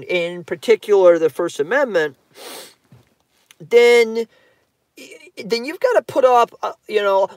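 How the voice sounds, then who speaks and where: Dude ranting on his channel, swears a lot, rambles, slow talker, dry sound. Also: sits high, no echo. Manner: profane, rambling, repeats himself. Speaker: YouTube commentator. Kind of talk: ranting commentary.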